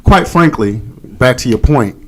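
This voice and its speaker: A man's voice: medium pitch, lively intonation, a little slow, slightly rough. A man, cohosting a casual podcast chat and telling a court story, cursing freely and acting out quotes. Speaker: podcast co-host.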